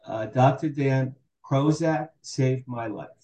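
A man's voice: medium pitch, takes it slowly, roomy sound, poor audio. A man in his sixties telling candid stories as a podcast guest, acting out the dialogue he quotes. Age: 60s. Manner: animated, acts out quoted dialogue. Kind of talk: candid storytelling interview.

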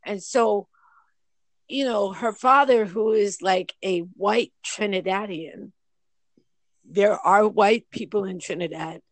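Animated American woman telling stories. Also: mid-range voice, slow, dry recording. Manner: animated storyteller, lively acted quotes. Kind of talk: casual chat, storytelling.

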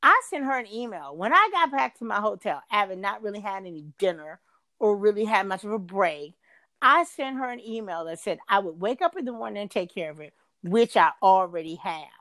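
A middle-aged woman tells a rambling story in an easy, chatty way. Her voice is dry and close to the mic, at a middle pitch. It jumps up high whenever she gets exasperated. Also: fairly quick, dry recording. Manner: animated, swings to high excited pitch when exasperated. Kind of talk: casual storytelling chat.

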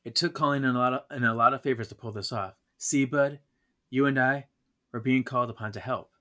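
A man voicing the spirit of a loyal male friend, reading quickly and earnestly. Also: medium pitch, steady tone, sharp tone, natural voice.

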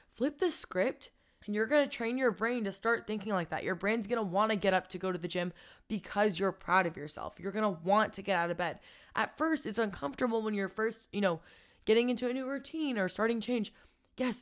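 A young woman talks straight to her listeners in a loose, chatty podcast monologue. She is animated and swears freely, hyping people up, and her voice sits at an ordinary middle pitch. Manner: animated, profane, hypes up listeners. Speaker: podcast host. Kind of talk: casual motivational podcast monologue.

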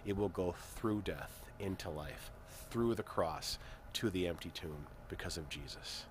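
A man as pastor giving a conversational devotional talk, growing animated when he poses questions. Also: low voice, measured pace, a little hiss or hum. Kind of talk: devotional sermon.

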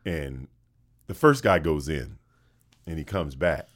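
A man from with a bass voice, telling a funny story in an animated way. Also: slow pace. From North Carolina, USA. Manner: lively, acts out the other people in his story. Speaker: guest.

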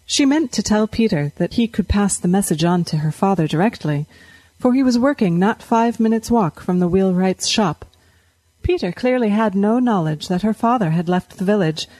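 A woman narrating a fiction story in a steady storytelling manner on a close studio mic. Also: medium pitch, no echo. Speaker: audiobook narrator.

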